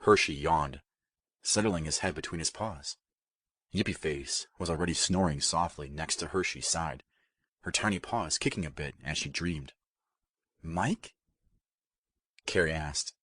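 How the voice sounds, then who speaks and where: Deep husky male audiobook narrator. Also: normal speed, a bit bright, no echo, clean studio sound. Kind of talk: scripted narration.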